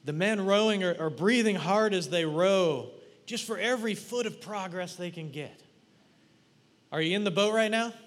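In a large hall with long reverb, a preacher whose voice sits slightly high for a man leads his congregation through an imagined scene. His sermon is animated and playful, and he speaks to them directly, teasing them and posing questions along the way.

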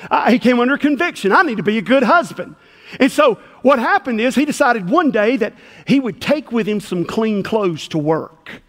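A man preaching a sermon as pastor, telling a story and acting out the voices of the people in it. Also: sits high. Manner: animated storyteller, acts out voices in his tale. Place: church sanctuary. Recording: long hall reverb.

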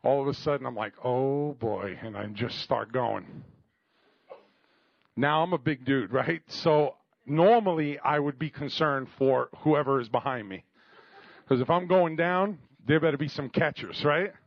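A middle-aged man preaching, telling a story in an animated, joking way and calling for amens. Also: mid-range voice, a little slow, creaky, dry recording, lo-fi sound. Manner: animated, jokey, calls for amens. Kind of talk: storytelling sermon.

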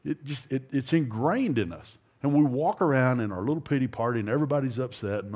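A man's voice: medium pitch, lively intonation, brisk, a little mellow, husky. A middle-aged man preaching an informal, folksy sermon, rambling with restarts and asides.

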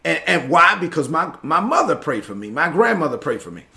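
A man from Brooklyn and the Dominican Republic, a preacher telling his personal testimony in an animated way, often asking "right?". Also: on the high side, brisk, vocal fry. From Brooklyn, New York and the Dominican Republic.

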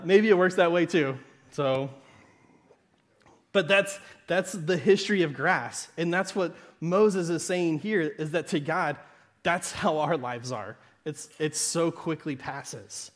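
A male pastor with a Southern Arkansas accent delivers a sermon in a loose, conversational way. His voice sits a little higher than most men's, and he keeps tossing in "right?" and circling back over his own words. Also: takes it slowly. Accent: Southern American (Arkansas). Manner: conversational, frequent "right?" and restarts.

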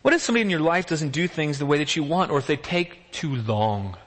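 A man gives a sermon in a church sanctuary, speaking in a fairly high voice. He keeps it conversational and asks his listeners many rhetorical questions. A long reverb hangs on his words. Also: animated, fast talker. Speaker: pastor.

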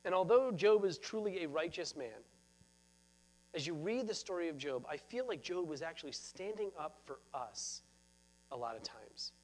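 A man's voice: fairly high pitch, expressive, moderate pace, darkish tone. A man preaching a sermon as pastor, earnest and repeating phrases for emphasis.

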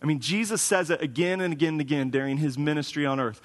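Casual pastor in a reverberant church. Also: male voice, on the high side, quick pace. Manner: casual, wry and self-deprecating, with frequent restarts. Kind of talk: conversational sermon. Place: church sanctuary. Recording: long hall reverb.

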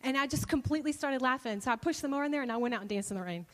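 A woman preacher telling a personal story in a sermon, animated and expressive. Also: high-pitched, very fast, in a large hall.

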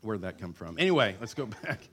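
A man's voice: on the low side, big pitch swings, fast, husky. A middle-aged man preaching a sermon as pastor. He asks the congregation rhetorical questions and slips in joking asides about married life.

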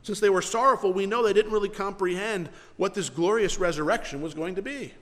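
A man preaching a sermon, earnest, swinging between loud emphasis and quiet, soft passages, closing in prayer. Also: sits high, fairly quick, in a large hall. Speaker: pastor.

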